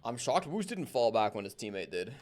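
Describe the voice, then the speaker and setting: A man's voice: medium pitch, very animated, a little fast, darkish tone. A man casually co-casting an esports match on stream, joking with chat and calling plays. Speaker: co-stream caster. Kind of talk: casual game commentary.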